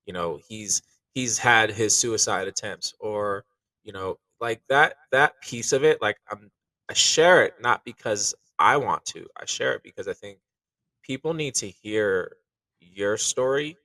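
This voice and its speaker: Earnest guy, bright pushy voice, kinda far from the mic, dry room, lots of "like" and "you know". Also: fairly low pitch, no echo. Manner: earnest and reflective, many fillers. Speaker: chef. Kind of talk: candid podcast conversation.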